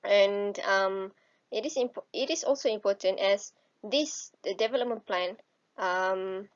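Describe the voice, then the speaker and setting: A young woman giving a class presentation, hesitant and halting with many fillers. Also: mid-range voice. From Malaysia. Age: young adult. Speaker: student presenter. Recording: dull lo-fi recording.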